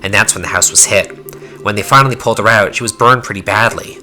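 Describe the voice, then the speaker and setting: A man voicing a rough-spoken young fighter, reading game dialogue aloud with blunt, slangy talk. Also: fairly low pitch, fast talker, sharp tone, voice pushed down.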